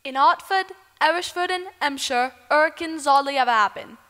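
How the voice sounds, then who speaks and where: A woman's voice: high-pitched, big pitch swings, unhurried, fairly bright tone, full character voice. A woman playing a young Cockney flower girl in a school stage musical, singing and then stumbling through speech drills. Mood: struggling, drilled.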